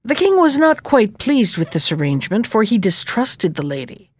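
A woman narrating a fairy tale in a gentle, measured reading voice. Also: mid-range voice, big pitch swings, no echo, clean studio sound.

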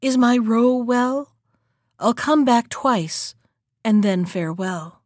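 A sorrowful ghostly young queen, as a woman reader puts her on, speaking slowly and gently in a fairy tale. Her voice is somewhat high and the sound is close and dry. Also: expressive, dry recording. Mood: mournful.

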